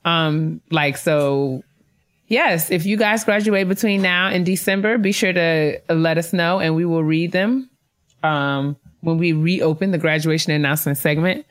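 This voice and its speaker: A woman co-hosting a podcast, reading listener shout-outs and cheering them on, laughing easily. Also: deep voice, measured pace. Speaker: podcast co-host. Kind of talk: casual chat, reading listener emails.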